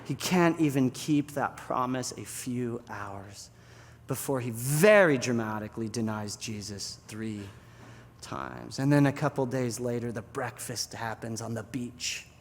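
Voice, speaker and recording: A pastor giving a sermon, telling a story in an animated, conversational way. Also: male voice, medium pitch, a little slow, in a large hall.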